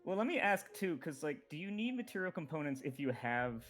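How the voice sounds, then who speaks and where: A man playing in a tabletop game session, thinking aloud in a relaxed way and chuckling often. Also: a little high, brisk, soft background music. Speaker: player. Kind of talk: casual tabletop game chat.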